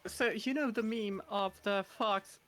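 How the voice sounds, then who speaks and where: A woman's voice: mid-range voice, measured pace, a bit bright, soft background music. A woman chatting casually on a stream, playful and teasing, with some swearing. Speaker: co-streamer guest. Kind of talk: casual chat.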